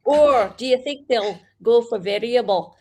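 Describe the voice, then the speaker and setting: A Canadian woman hosting a casual real estate chat show, playful and lively. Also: fairly high pitch, a little slow. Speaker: host.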